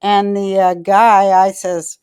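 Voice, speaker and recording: A woman's voice: medium pitch, flat delivery, slow pace, a little mellow, clear, resonant tone, no room sound, studio quality. A woman hosting a podcast, telling stories in a blunt, profane, rambling way and losing her thread. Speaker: podcast host. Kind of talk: casual rambling storytelling chat.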